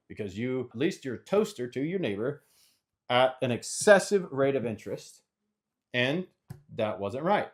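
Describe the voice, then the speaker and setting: A man's voice: medium pitch, darkish tone. A middle-aged man speaking off the cuff as a channel host, earnest and a little preachy, citing scripture while giving money advice. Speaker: investment CEO and channel host. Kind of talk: unscripted motivational monologue.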